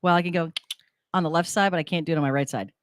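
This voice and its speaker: A woman co-hosting a casual morning radio show, chatty and rambling, with a husky morning voice. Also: deep voice, very fast, slight background noise. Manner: chatty, laughing, rambling asides. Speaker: radio co-host. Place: radio studio.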